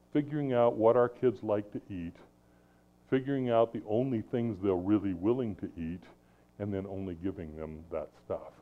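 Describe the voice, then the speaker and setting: A middle-aged man delivers a sermon in a lowish voice, swinging between loud emphasis and soft asides. The sound is thin and narrow, like it's coming over a phone line. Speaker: preacher.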